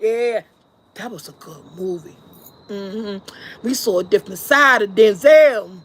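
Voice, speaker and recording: A woman hosting a casual live stream, lively and laughing often as she talks to her chat. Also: medium pitch, slow. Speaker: vlog host.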